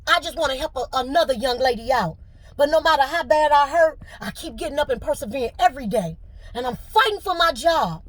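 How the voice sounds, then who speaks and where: A woman's voice: sits high, expressive, a little fast, dry recording. A middle-aged woman, venting to camera with emotion and fighting back tears. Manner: tearful, fighting back crying. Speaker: vlogger.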